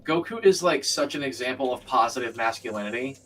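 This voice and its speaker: A man's voice: mid-range voice, fairly quick, a bit bright, recorded from a distance, a little hiss or hum, poor audio. A young man chatting casually and bluntly while streaming a co-op game, swearing freely. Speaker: co-op gaming streamer. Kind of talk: casual chat while gaming.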